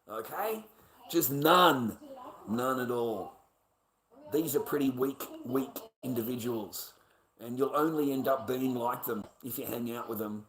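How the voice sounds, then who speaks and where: A middle-aged Australian man rants bluntly and profanely on his livestream, often restarting his sentences. His voice is mid-range with a fairly bright tone.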